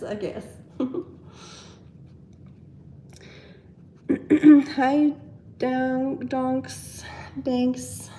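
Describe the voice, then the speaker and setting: A young German woman with a German accent chats casually on a live stream from her home, reading viewer comments and talking to her pets. Her voice is on the high side but dark in tone, a bit hoarse from a cold. There is slight background noise indoors.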